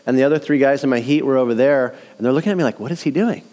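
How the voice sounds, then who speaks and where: Male preacher, middle-aged, animated storytelling, plays out the voices in his tale. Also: medium pitch, racing. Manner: animated storytelling, acts out quotes. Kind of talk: sermon with personal story.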